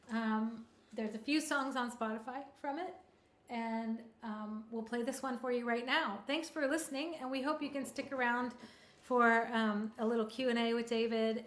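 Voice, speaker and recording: Soft-spoken woman, high voice, echoey room. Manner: soft-spoken, with frequent um fillers. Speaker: singer-songwriter guest performer. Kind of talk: casual livestream chat between songs. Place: home.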